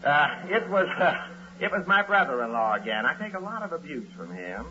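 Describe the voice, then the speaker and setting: A wry, long-suffering husband who narrates with dry wisecracks in a 1940s radio comedy. His voice is mid-pitched and animated. The old broadcast is dull, with clear hiss. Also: a little fast. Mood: wry narration. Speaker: narrator and lead.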